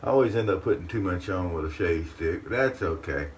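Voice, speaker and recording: A man's voice: sits low, animated, a little fast. A man hosting his shaving channel, chatting casually to the camera in a folksy way from his bathroom. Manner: folksy, talks about himself in third person. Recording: distant mic with faint room noise.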